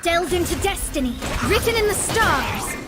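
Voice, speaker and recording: A woman's voice: extremely high pitch, very animated, normal speed. A woman voicing a young female game heroine who calls out dramatic battle lines, heard distantly as game audio. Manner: dramatic, declamatory battle cries. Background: game music and combat sounds.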